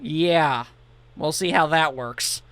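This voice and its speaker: A man's voice: a little high, slow pace, fairly bright tone, clean tone, no echo. A man giving casual, jokey commentary over a video game, reading the on-screen text aloud. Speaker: let's play commentator.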